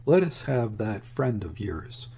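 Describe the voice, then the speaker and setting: A man's voice: fairly low pitch, sing-song, slow, vocal fry, darkish tone, exaggerated voice. A man voicing a stern, impatient naval officer who talks in curt commands, in an audiobook reading.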